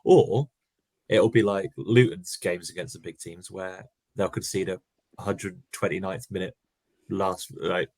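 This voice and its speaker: A man's voice: low voice, fairly even intonation, unhurried, a little mellow, dry recording. A man co-hosting a casual football podcast, chatting loosely and laughing often. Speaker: podcast co-host. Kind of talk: casual chat.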